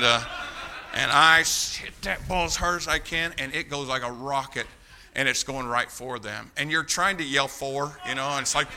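A man preaching a sermon, telling a folksy story and then urging young people on, shifting from quiet asides to loud exhortation. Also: mid-range voice.

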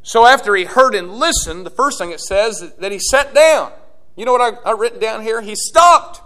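A man preaching a sermon, dropping to a hush and then building to loud, urgent appeals to the congregation. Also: high voice, lively intonation, normal speed. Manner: swings from hushed to shouting, preaching to a congregation.

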